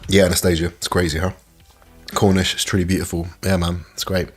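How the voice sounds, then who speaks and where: An excitable man hosting a live stream and walking through trading charts. He keeps repeating "look" and laughs often. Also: deep voice, a little fast. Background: faint backing music.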